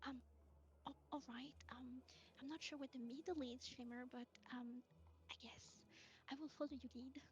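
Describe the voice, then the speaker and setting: A woman's voice: sits high, steady tone, moderate pace, natural voice. A woman playing a polite, unsure female adventurer with a French accent in a tabletop role-play, hesitating and searching for words. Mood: hesitant. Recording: dull lo-fi mic.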